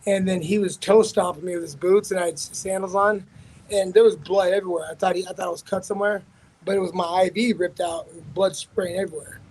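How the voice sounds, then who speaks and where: A man's voice: high voice, steady tone, quick pace, darkish tone, slightly rough, poor audio. A man, a fighter being interviewed, telling a story in a rambling, profane way with many restarts. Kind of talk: casual storytelling.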